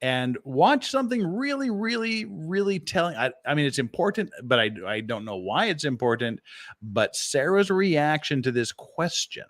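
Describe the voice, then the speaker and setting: A man giving profane, excitable reaction commentary who repeats himself as he talks. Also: fairly high pitch, normal speed, no room sound, clean studio sound.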